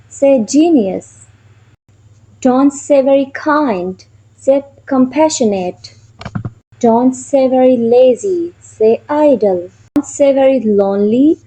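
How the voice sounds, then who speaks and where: Woman English teacher, high and mellow voice, measured scripted lesson delivery. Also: rough recording.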